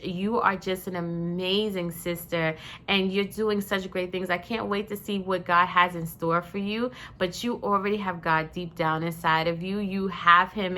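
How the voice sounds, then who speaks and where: Young woman, heartfelt family tribute, bright, lower-pitched, effusive and emotional. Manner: emotional, effusive, gushing with praise. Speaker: vlogger honoring her family.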